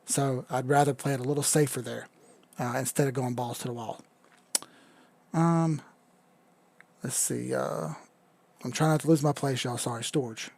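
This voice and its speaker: A gravelly, laid-back man with a drawl talks through charts on his live stream, drifting from point to point and swearing casually. His voice sits at an ordinary pitch and is recorded dry and close. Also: fairly even intonation, normal speed, long pauses, darkish tone, no echo. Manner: laid-back, rambling, swears casually, reads chat aloud. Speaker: crypto live stream host.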